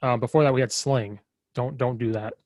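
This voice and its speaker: A man's voice: mid-range voice, steady tone, a little fast, darkish tone, no echo, studio quality. A man hosting a coaching podcast over a remote call, easygoing and joking. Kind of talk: casual podcast chat.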